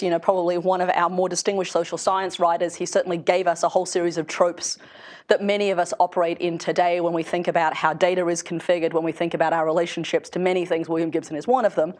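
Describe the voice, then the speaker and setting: A middle-aged woman with a somewhat low voice gives a seminar talk to a room full of people. She speaks in a loose, conversational way and often laughs softly between her points. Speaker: seminar speaker, researcher in industry. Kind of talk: lecture to an audience. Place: lecture room with an audience.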